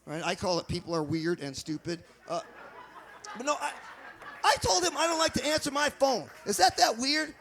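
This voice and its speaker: A man doing stand-up comedy in a high, gravelly voice that swings widely in pitch. He talks straight to the crowd, laughs at his own jokes and jumps from bit to bit with quick asides. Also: slight background noise. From Michigan. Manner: animated, jumps between bits with quick asides.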